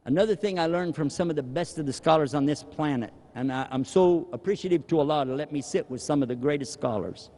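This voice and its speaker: A man delivers a sermon with an animated, humorous manner and often slips into acted-out exchanges. His voice sits fairly high for a man. Long reverb from a hall hangs on every phrase. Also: fast, hardly any pauses. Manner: animated, humorous, acts out dialogue. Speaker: preacher.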